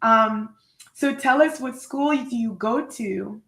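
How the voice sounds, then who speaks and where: A woman's voice: on the high side, slow, a bit bright, echoey room, low-quality recording. A woman hosting a live online talk show, effusive and upbeat as she introduces her guest. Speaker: host.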